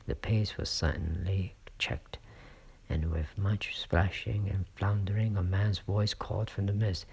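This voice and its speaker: A man reading a classic novel aloud as a narrator, in a hushed storytelling manner. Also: deep voice, steady tone, measured pace, gravelly, slightly rough. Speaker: audiobook reader. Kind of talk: scripted narration.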